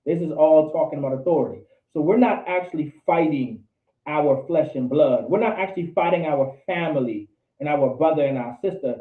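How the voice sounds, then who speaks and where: A man's voice: on the high side, fairly quick. A man teaching a Bible class, quizzing his students and repeating key points for emphasis. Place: indoor meeting room with a class. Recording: tinny, echoey lo-fi room recording.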